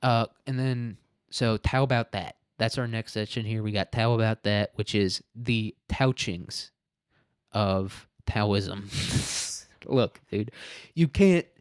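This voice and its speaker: A man's voice: on the low side, clear, resonant tone, no echo, studio quality. A man hosting a podcast alone, telling rambling stories in casual, profane talk and laughing often. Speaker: podcast host. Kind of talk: casual solo podcast monologue.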